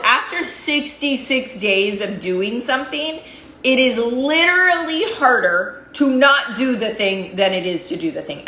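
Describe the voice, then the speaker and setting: A woman's voice: on the high side, sharp tone. Hyped-up woman coach pep-talking her followers, roomy echo, faint hum behind. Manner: fired-up, emphatic, repeats phrases for emphasis. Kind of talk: motivational talk to followers.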